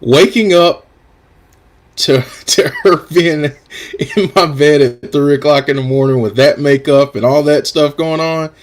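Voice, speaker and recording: A man co-hosting a live wrestling podcast, answering questions in a relaxed, rambling way that keeps breaking into laughter. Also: a little high, measured pace. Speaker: podcast co-host. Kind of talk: casual live podcast chat.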